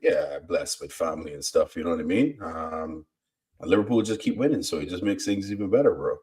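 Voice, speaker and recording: A man on a video call as a guest, chatting casually in a relaxed, easygoing way. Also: low voice, fairly quick, a little hiss or hum. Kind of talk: casual chat.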